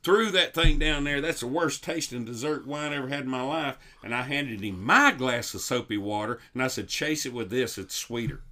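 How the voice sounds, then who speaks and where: A man's voice: mid-range voice, brisk, few pauses, pushed and bright. A man telling comic stories to his friends on a podcast, laughing as he goes. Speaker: comedy podcast host. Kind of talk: storytelling among friends.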